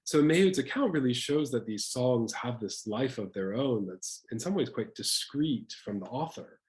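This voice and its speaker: Low-voiced guy lecturing, explaining step by step, little um and restarts. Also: darkish tone, poor audio. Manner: explanatory, with small restarts and fillers. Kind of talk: academic lecture presentation.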